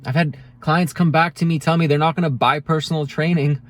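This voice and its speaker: A man's voice: a little high, fairly even intonation, fairly quick, dry recording. Earnest man giving a motivational talk. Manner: earnest, heartfelt, with frequent restarts. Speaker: self-help video creator. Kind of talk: motivational monologue to camera.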